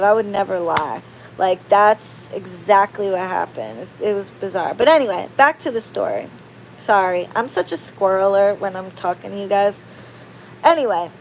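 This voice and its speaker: A woman chatting casually to her viewers, rambling and expressive, going from loud outbursts to low murmurs. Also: a little hiss or hum. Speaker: spiritual practitioner and channel host. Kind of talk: casual chat to camera.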